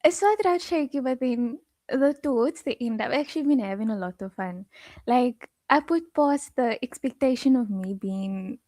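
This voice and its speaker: Mellow-voiced young woman, giggly. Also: on the high side, animated, moderate pace, dry recording. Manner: giggly, chatty. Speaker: pro esports player, guest. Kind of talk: casual interview chat.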